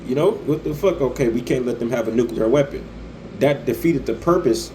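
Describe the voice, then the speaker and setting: A man's voice: medium pitch, brisk, darkish tone, slight background noise, low-quality recording. Rambling, stammering man ranting. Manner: stammering, repeats "man" and "right", swears freely. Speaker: online commentator. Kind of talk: profane religious-political rant.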